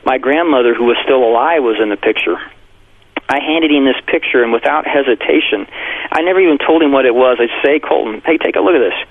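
A man's voice: medium pitch, quick pace, gravelly. A male pastor and author telling a personal story in an interview, acting out quotes in a raised voice. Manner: animated, acts out quotes with raised voice. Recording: tinny phone-like broadcast audio.

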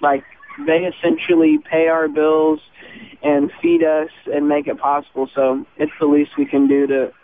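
A man from a band giving earnest, reflective answers in a faith interview, slowing down to stress key words. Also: a little high, completely flat delivery. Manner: earnest, reflective, slows for emphasis. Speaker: band member guest. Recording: tinny phone-line sound with faint noise.

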